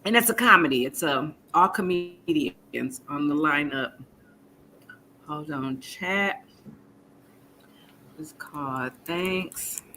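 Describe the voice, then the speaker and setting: A woman's voice: deep voice, lively intonation, slow, pauses often, sharp tone, a little hiss or hum, poor audio. A woman comedian chatting casually on a group video call, slangy and laid-back, trailing off with fillers.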